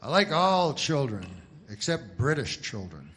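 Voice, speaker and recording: A male stand-up comedian telling jokes in a deadpan, rambling way, with long digressive setups full of filler words. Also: mid-range voice, a little slow, a little hiss or hum.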